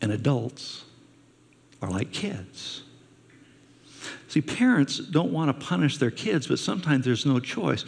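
A man's voice: fairly high pitch, sing-song, normal speed, gravelly, hardly any pauses, slightly rough. A man preaching a sermon as a pastor, telling stories and asking his listeners rhetorical questions. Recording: long reverb of a large hall.

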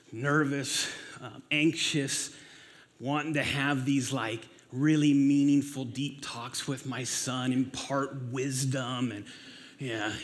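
A man in his forties giving a personal testimony in church, halting with many fillers and laughing at himself. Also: mid-range voice. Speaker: guest speaker. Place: church hall. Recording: reverberant hall.

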